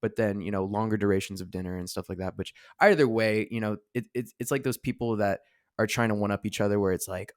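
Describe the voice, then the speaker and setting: A man's voice: lowish voice, steady tone, fast, no echo, studio quality. A man co-hosting a casual podcast, rambling with lots of filler words and restarts. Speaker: podcast co-host. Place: studio seated across from co-host.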